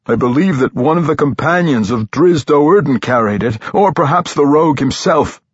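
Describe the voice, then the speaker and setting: A man voicing a frightened young male dark elf warrior who stammers and pleads desperately, recorded on a dull, dry microphone. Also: a little fast, husky, no room sound. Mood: desperate, fearful. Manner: stammering, desperate, higher pitched.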